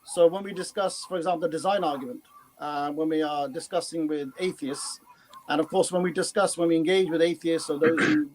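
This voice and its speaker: A man's voice: on the high side, fairly quick, darkish tone, poor audio. A man explaining an idea in a casual chat, with hesitant fillers and restarts. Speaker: guest speaker.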